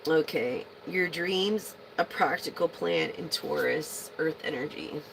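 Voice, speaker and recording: Casual tarot reader, woman, low gravelly voice, rambling and profane, hiss behind her. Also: slow. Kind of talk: casual tarot reading stream.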